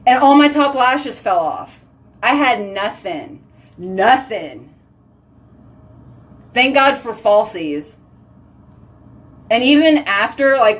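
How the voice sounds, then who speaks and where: A chatty woman, hosting a casual live stream and talking with her viewers. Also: medium pitch. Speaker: livestream host.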